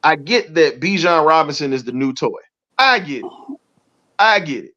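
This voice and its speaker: A man's voice: a little high, animated, moderate pace, pushed and bright. A man with a Southern US accent hosting a heated sports talk show, fired up and colorful in his trash talk. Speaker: show host. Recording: dull lo-fi audio.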